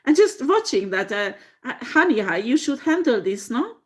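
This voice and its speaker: A woman giving a tarot reading, swearing freely, laughing often and filling pauses with ums and uhs. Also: on the high side. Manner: profane, laughing, animated storytelling with frequent fillers. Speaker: tarot reader.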